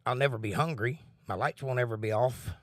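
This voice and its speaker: A man's voice: mid-range voice, brisk, no room sound. A man hosting a casual livestream from home, talking earnestly about faith and reading out viewers' comments. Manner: relaxed, earnest, talks about faith and reads chat comments. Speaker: livestream host.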